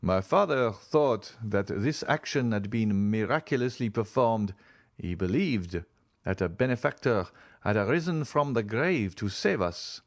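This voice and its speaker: A man's voice: lowish voice, measured pace, no room sound. A man reading an earnest young man. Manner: earnest, steady storytelling. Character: earnest young man recalling his father. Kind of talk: audiobook character reading.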